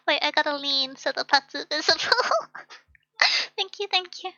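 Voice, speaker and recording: A woman's voice: sits high, big pitch swings, slow, pushed and bright, no room sound, lo-fi sound. A woman streamer hosting a casual live chat, with a lisp on her L and R sounds and a habit of giggling between words.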